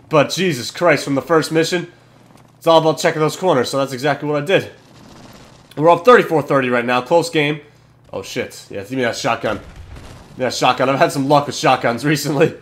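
A young man hosting a gaming channel, giving excitable commentary over his match, swearing and yelling at kills. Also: a little high. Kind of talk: gameplay commentary.

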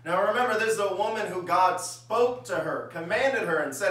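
Bright-voiced preacher in an echoey hall. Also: male voice, high voice, fairly quick, hardly any pauses, slight background noise. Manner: reads scripture, then acts out everyday voices conversationally. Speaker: pastor. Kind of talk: sermon. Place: church sanctuary. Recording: echoey church hall, mic far off.

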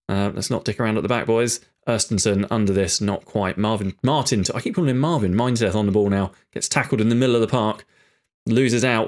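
A man commentating his own football management game, muttering and swearing in frustration as his team plays badly. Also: lowish voice. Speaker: gaming YouTuber. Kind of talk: live football-sim commentary.

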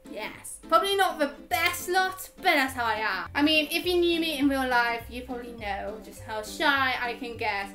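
A woman's voice: sits high, normal speed, few pauses, sharp tone, faint music behind. A woman gaming YouTuber chatting casually through viewer questions, giggling often and filling with ums. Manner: chatty, giggly, frequent laughs and fillers. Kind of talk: casual Q&A vlog chat.

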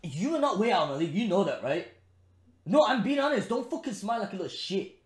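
A man's voice: high-pitched, very animated, fast talker, reverberant. A man putting on a brash, swearing young English lad with a put-on English accent, taunting with mock threats.

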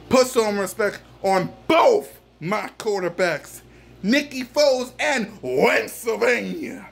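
A man delivering a boisterous, trash-talking postgame rant as a sports fan, hollering and chanting the same lines over and over. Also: high voice. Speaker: sports fan ranting after a game.

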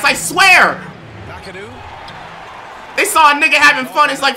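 A young man streaming a basketball video game, cursing and shouting in exasperation. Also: very high voice, expressive, a little slow, gravelly. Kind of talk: live gameplay stream. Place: home streaming setup.

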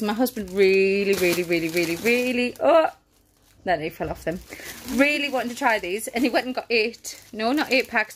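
Her fairly high voice carries slight background noise as she, a pregnant and winded young woman, chats about a family grocery haul for her vlog. She laughs easily and fixes her own words as she goes.

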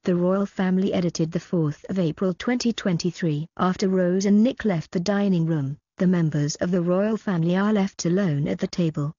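A woman reading a novel aloud as an audiobook narrator, in an even, measured way, on dull lo-fi audio. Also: on the low side, slightly rough, no room sound. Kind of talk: scripted story narration.

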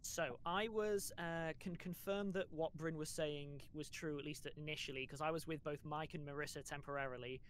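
A player in a group voice chat, giving a halting account of where they were. The voice sits at a middle pitch. A faint noise sits behind the voice. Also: fairly even intonation. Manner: hesitant, halting. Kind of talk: game chat.

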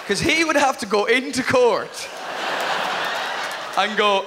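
High-voiced Irish stand-up in a reverberant hall. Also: male voice, animated, crowd noise. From Ireland. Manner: wry, quick storytelling with acted-out asides. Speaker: stand-up comedian. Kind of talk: stand-up comedy routine. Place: live comedy venue with audience. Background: audience laughter and room noise.

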